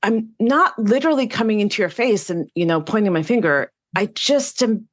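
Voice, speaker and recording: A married woman speaking as a guest on a podcast panel, assertive and confident, talking in an animated way. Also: mid-range voice, moderate pace, dry recording.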